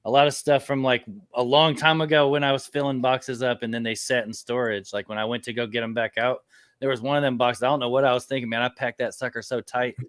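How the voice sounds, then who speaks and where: A man's voice: medium pitch, flat delivery, fast talker, fairly bright tone, clean tone, no echo. A man in a casual group chat, telling rambling stories about his collection. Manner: rambling storyteller, laughs at own stories. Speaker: comic collector.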